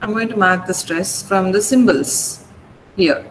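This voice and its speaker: A middle-aged woman with an Indian English accent teaching pronunciation online, patiently repeating words slowly over a video call. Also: medium pitch, a little hiss or hum, poor audio. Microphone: computer mic on a video call.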